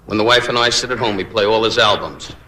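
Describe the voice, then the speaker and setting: A man's voice: lowish voice, quick pace. Brash older man doing a roast. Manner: brash, mocking, shouting punchlines. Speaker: roast comedian. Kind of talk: insult comedy roast set. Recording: echoey hall with loud noise. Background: laughing audience.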